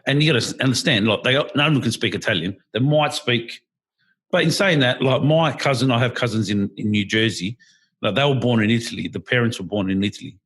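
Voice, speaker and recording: Australian male podcast co-host, husky, animated storyteller. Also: mid-range voice, fairly quick. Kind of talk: casual chat.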